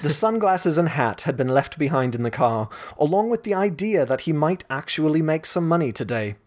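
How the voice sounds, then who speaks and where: A man's voice: on the high side, sing-song, normal speed, a little mellow. Man reading his story aloud.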